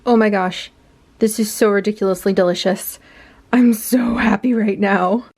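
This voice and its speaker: A woman's voice: medium pitch, steady tone, moderate pace, a little mellow. A woman vlogging in a bubbly, chatty way, gushing over food and pets. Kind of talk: casual vlog chat to camera. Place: outdoors at home, then indoors.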